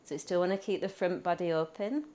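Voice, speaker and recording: A woman teaching a yoga class, cueing poses and breaths in a calm, upbeat way. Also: on the low side, fast. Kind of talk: guided yoga class instruction.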